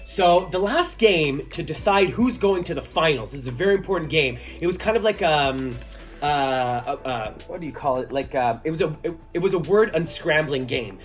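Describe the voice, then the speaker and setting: A man, a magician, telling a story in a casual vlog, animated and laughing as he goes. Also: fairly high pitch, normal speed, soft background music. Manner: animated, laughs while telling, acts out voices. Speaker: magician and kids' entertainer.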